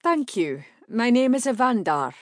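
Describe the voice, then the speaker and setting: A woman's voice: a little high, sing-song, unhurried, dry recording, studio quality, pitched above the performer's own voice. A woman doing a courteous otherworldly stranger.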